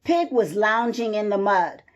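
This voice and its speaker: A woman reading a children's picture book aloud, slow and expressive. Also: medium pitch. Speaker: storyteller. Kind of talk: children's storybook read-aloud.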